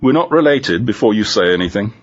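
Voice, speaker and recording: A man's voice: on the low side, lively intonation, fairly quick, lo-fi sound, pitched above the performer's own voice. A man voicing a dry, ironic female police detective inspector in a storybook reading. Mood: wry.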